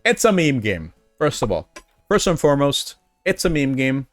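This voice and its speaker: A young man chats through a live stream in a loose, rambling way, restarting sentences and breaking into laughter when something excites him. His voice sits at an ordinary pitch and sounds close and dry, with faint music playing quietly behind him. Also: normal speed, no echo. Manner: rambling, with frequent restarts and filler; gets excited and laughs when recalling fun moments. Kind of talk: casual live-stream commentary.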